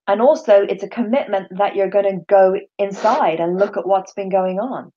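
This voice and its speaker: Animated woman in a mellow, slightly dull recording. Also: mid-range voice, normal speed. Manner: animated, acts out quoted voices, frequent restarts. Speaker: course leader and speaker. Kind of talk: casual conversation.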